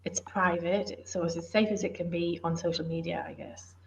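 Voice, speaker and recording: A woman's voice: on the low side, fairly even intonation, moderate pace. A middle-aged woman from the UK, a former police officer and author, talking in an earnest, emphatic, plain-spoken way in a casual interview.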